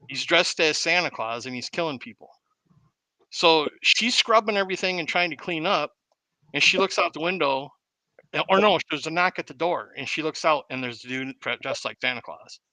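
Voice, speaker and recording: A man with a bright, forceful voice retells a film plot in a casual way. He is a lively, animated storyteller, and his voice sits a little above most men's. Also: on the high side, no room sound, rough recording. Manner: animated storyteller who acts out the quotes. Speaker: podcast host.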